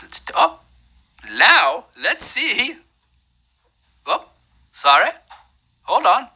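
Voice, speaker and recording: A woman's voice: fairly high pitch, very slow, slightly rough, poor audio. A woman hosting a live trivia game show, playful and joking as she reads questions and banters with players. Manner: wired and energetic.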